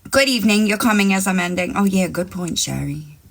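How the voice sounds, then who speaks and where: Woman live-streamer, mid pitch, foul-mouthed, taunting and rambling. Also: lively intonation, a little fast, creaky. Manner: brash and profane, taunting; rambling, talks straight to chat. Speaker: livestream host. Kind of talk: casual live-stream chat. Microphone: phone.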